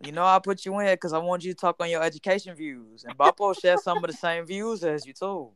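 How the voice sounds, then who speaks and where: A young man hosts a relaxed group conversation in loose slang, laughing often. His voice is smooth and clear and sits a little high. The sound is close and dry. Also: quick pace, no echo. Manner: laid-back slangy banter, frequent laughs. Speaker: host. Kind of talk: casual group chat.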